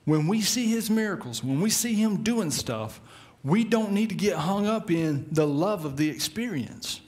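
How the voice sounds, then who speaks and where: A middle-aged man preaching to his church. His voice sits a little high for a man. He tells the story with animated put-on voices and keeps chuckling along the way. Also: normal speed. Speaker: pastor. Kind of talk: sermon.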